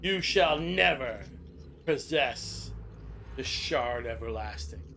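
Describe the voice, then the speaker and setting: A man voicing a solemn herald of fire who speaks in a loud, slow, booming way, over a noisy voice-chat recording. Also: lively intonation, gravelly, full character voice.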